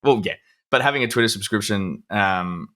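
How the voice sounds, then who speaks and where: Australian man, podcast co-host, lower bright voice, dry wit. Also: moderate pace. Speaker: podcast co-host reading the news. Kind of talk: casual podcast chat.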